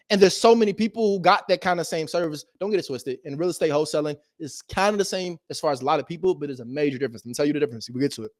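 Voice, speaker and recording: Emphatic slangy man, fairly high voice. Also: no echo, studio quality. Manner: emphatic and repetitive, slangy, laughs often. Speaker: real estate investor teaching wholesaling. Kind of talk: motivational casual teaching.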